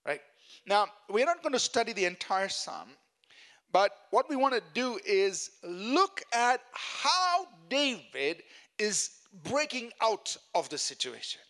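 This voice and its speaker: A man's voice: high-pitched, sing-song, a little slow, a bit bright. A man preaching a sermon as pastor, earnest and emphatic, repeating key phrases and chuckling at his own jokes.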